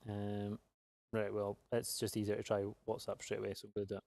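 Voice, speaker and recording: A man's voice: lowish voice, monotone, fairly quick, gravelly, warm tone, no room sound. A man hosting a live prize draw, chatty, upbeat and jokey. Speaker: giveaway live draw host. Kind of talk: casual live-stream chat.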